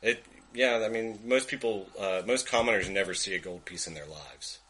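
A man's voice: on the low side, normal speed, bright, forceful tone, husky, poor audio. A man running a tabletop game as game master, narrating casually with many fillers. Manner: casual, filler-heavy narration with frequent laughs.

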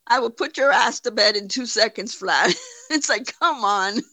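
A woman's voice: a little high, moderate pace, bright, forceful tone, dry recording. A woman hosting a livestream, giving blunt, profane, mocking commentary. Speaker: livestream host. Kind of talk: casual commentary.

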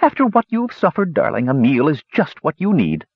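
A man voicing a tiny, doting old woman with a shrill, scratchy voice that fusses over everyone, read in a storybook. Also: sing-song, normal speed, slightly rough, no room sound, exaggerated voice. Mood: cloying. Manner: cloying, fussing, teeth clicking. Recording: dull lo-fi recording.

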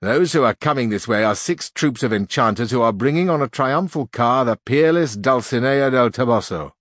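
A man's voice: mid-range voice, lively intonation, moderate pace, a bit bright, dry recording, studio quality. A man voicing a brusque demon courier with a harsh, discordant, formal delivery.

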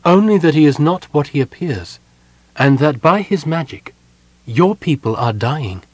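A man voicing a calm, devout young woman prisoner who speaks softly but firmly. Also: a little high, measured pace, husky, dry recording, voice pushed up. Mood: serene.

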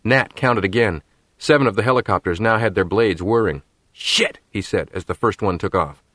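Low-voiced man narrating an audiobook. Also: dry recording, studio quality. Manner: measured, steady storytelling. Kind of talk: scripted narration.

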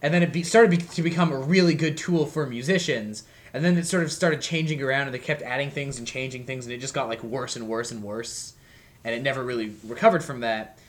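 A man's voice: mid-range voice, a little fast. A man co-hosting a music podcast, talking in a rambling, self-deprecating way with lots of fillers. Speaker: podcast co-host. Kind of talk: casual chat.

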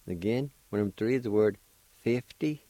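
A man's voice: on the low side, moderate pace, dark tone, no echo, rough recording. A man teaching a radio language lesson, patient and encouraging as he spells words out one letter at a time, on a close studio microphone.

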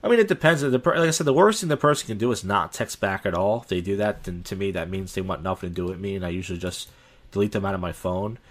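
A man's voice: deep voice, quick pace. A young man, a comedian co-hosting a podcast, telling a long rambling story in casual chat, often restarting his sentences.

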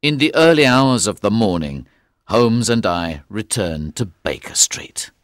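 Slow, low-voiced male narrator. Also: lively intonation, fairly bright tone, dry recording, clean studio sound. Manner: slow, clear storytelling. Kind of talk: scripted audiobook narration.

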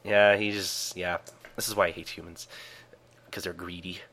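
A man's voice: sits low, flat delivery, normal speed, sharp tone. A man co-hosting a podcast, easygoing and chatty as he recaps a manga chapter. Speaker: podcast co-host. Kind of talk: casual chat recapping a manga.

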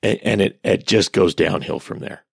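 Low, gravelly sarcastic male ranter. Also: normal speed, no echo, studio quality. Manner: sarcastic, ranting, profane. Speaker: commentator. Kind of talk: casual commentary reading online posts.

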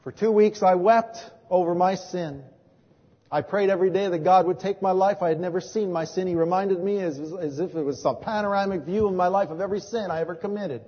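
Male preacher, earnest storyteller, high voice, muffled recording with a long church-hall reverb. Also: brisk. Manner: earnest storytelling, acts out quoted dialogue. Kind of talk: sermon.

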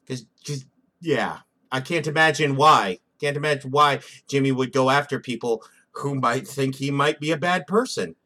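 A man's voice: mid-range voice, moderate pace. A man co-hosting a comedy podcast, joking and swearing freely in casual chat. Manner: profane, excitable, jokey. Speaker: podcast co-host.

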